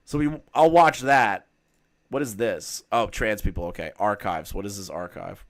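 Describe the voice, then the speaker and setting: A man commenting casually on a live stream, swearing often, reading documents aloud and breaking into loud exclamations. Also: lowish voice, normal speed, dry recording, studio quality.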